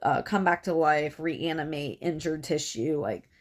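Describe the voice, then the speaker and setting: A young woman talks through a film's plot in a loose, chatty way, her voice sitting a little low for a woman. She leans on fillers and pops into high, shrill voices to act out what the characters say. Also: unhurried. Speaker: film reviewer. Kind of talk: casual film recap.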